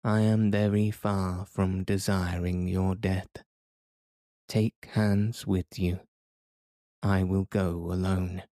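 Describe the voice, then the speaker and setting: A man's voice: low voice, little pitch movement, slow, dark tone, dry recording, studio quality. A man voicing a stubborn elderly professor and fierce explorer, insistent and commanding. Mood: stern.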